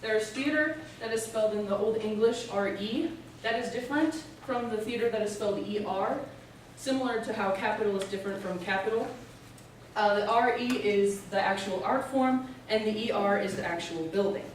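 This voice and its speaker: A young woman giving an informative speech as a student presenter, explaining steadily with the odd filler pause. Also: mid-range voice, slight background noise. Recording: echoey room, voice from a distance.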